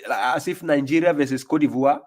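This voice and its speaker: A man's voice: fairly high pitch, fairly quick, a little mellow. A man giving combative commentary as an online preacher, mocking the clips he plays and firing off rhetorical questions. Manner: laughs in scorn.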